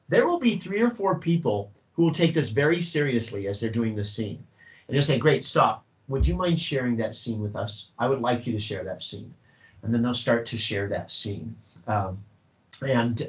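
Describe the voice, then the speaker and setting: A middle-aged man, a drama teacher leading a workshop for other teachers, talking in an animated way and acting out student voices. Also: mid-range voice, normal speed, poor audio.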